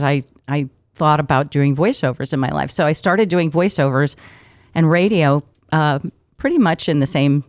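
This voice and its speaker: A middle-aged woman, a radio personality, telling her story in a relaxed interview with trained, expressive delivery. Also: sits low, no echo, clean studio sound. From Brazil. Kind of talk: casual interview chat.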